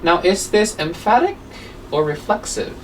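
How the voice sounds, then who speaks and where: A woman's voice: on the low side, sing-song, a little slow. A woman teaching an English grammar lesson, explaining step by step and asking rhetorical questions. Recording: distant mic with faint background noise.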